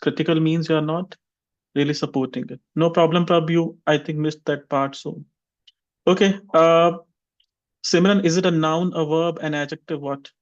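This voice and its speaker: A man's voice: fairly high pitch, fairly even intonation, moderate pace, muffled recording. A man teaching an online English pronunciation class, calling on students by name and having them repeat words. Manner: questions students by name, drills repetition.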